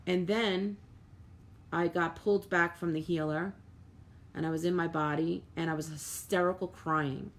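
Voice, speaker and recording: A woman's voice: on the low side, steady tone, measured pace. A middle-aged woman medium, hosting a live stream and talking earnestly to viewers, with lots of "like" and repeated words. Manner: reads out viewer comments and thanks viewers by name.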